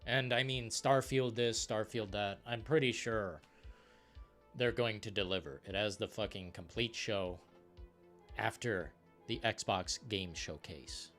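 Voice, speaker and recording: A young man hosting a gaming live stream, chatting casually and reading viewer comments in an excitable, profane, rambling way. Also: lowish voice, measured pace, soft background music.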